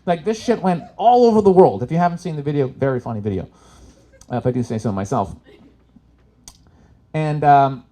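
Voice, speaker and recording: A man's voice: lively intonation, a little fast, long pauses. Profane stand-up comic man. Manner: profane, swings between loud punchlines and low asides. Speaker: stand-up comedian. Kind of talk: live stand-up set. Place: event stage before a live audience.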